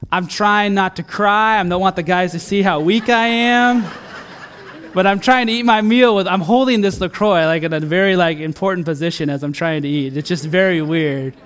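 Earnest high-voiced man, middle-aged, church sermon, swings between emphatic and quiet. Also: clean tone. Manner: earnest, builds to emphatic peaks then drops soft and low. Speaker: pastor.

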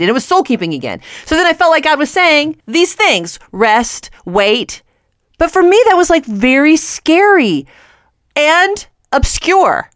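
Woman co-host on a faith talk show, fairly high voice with lots of swing, chatty and expressive, dry mic. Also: measured pace, no echo.

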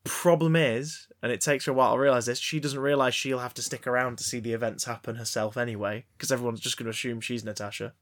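Male podcast co-host, rambling deadpan banter, lots of restarts. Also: medium pitch, quick pace, few pauses. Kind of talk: casual banter about films.

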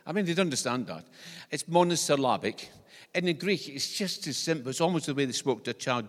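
A Scottish man preaching a sermon in a church, conversational and animated, with joking asides. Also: on the high side, fairly quick. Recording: long church-hall reverb.

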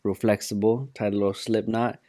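A man with a lowish voice banters in a casual, joking way. His talk is full of slang and swearing, and he chips in with quick quips. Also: little pitch movement, dark tone, no room sound, clean studio sound. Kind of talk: casual chat.

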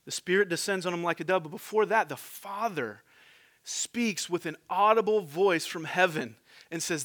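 Male pastor, sermon, fairly high voice, forceful bright tone, chatty asides to the congregation. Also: moderate pace. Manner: conversational, quizzing the congregation with asides.

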